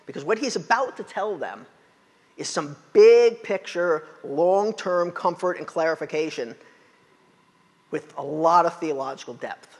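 A man preaching a sermon, retelling scripture with lively, acted-out quotes. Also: fairly high pitch, normal speed, slightly rough, big-room sound. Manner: animated storytelling, acting out quotes.

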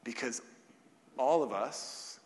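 A male pastor delivering a sermon, asking rhetorical questions and slowing down with long pauses on key words. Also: medium pitch, a little mellow. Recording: long hall reverb.

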